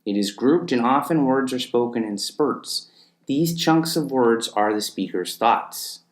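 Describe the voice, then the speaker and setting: A man narrating a lesson in a measured, explanatory way, with deliberate pauses between phrases. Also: mid-range voice, expressive, reverberant. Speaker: teacher.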